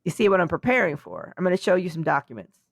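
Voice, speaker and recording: A woman's voice: on the low side, very animated, fast, creaky, no echo. A sleepy woman talks loosely on a podcast, wandering through a story and slipping into goofy voices for the people in it. Her sound is close and dry, with no room around it. She keeps the tone casual and comedic. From United States. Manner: rambling, playful, acts out quotes in silly voices. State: tired and sleepy. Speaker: podcast co-host.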